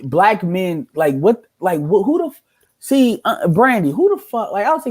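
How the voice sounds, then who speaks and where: A man's voice: high voice, very animated, normal speed, husky. A man giving casual reaction commentary as a streamer, ranting in a heated, profane way.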